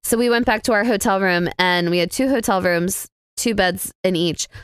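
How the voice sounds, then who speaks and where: A woman's voice: medium pitch, normal speed, clear, resonant tone, no room sound. A woman guest on a casual podcast, telling a chatty, self-mocking story among friends.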